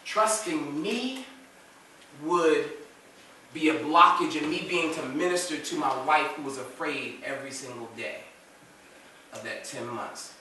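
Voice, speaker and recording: Earnest guy at a church group talk, bright voice, really echoey room, kinda far from the mic. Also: on the high side, measured pace, slight background noise. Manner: earnest, emphatic, repeats phrases. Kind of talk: group discussion.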